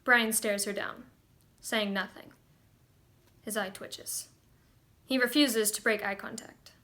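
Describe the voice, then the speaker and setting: A woman actress reading a screenplay's stage directions aloud, briskly. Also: mid-range voice, fairly even intonation, pushed and bright.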